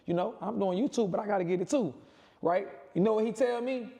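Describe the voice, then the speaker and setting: High, gravelly man telling a story. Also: fast talker. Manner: rambling, repetitive, punctuates with "boom" and "right?"; animated retelling with quoted voices. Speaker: storyteller in a played clip. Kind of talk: casual storytelling.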